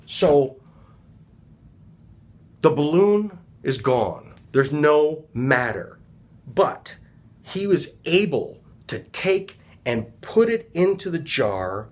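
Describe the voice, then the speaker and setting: Man retelling a storybook tale as a life lesson, rambling and reflective, voice rises and falls a lot. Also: on the high side. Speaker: healing practitioner and speaker. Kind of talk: casual storytelling talk.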